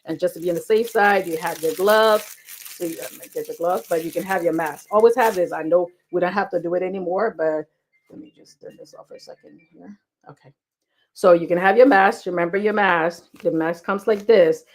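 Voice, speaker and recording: A woman health educator talking fast and casually to camera, repeating key points with lots of fillers. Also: fairly low pitch. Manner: talks fast.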